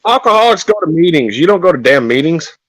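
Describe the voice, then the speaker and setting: Man, fairly high voice, deadpan jokester in casual chat. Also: fast talker, no room sound. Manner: dry joking banter. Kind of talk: casual live-stream chat.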